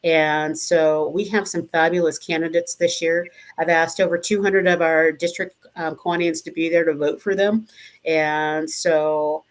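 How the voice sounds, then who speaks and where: A woman with a fairly low voice joins a live show over a video link. She talks in a warm, chatty way with lots of ums. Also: fairly even intonation, measured pace. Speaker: district governor and co-host. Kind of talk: casual chat on a live show.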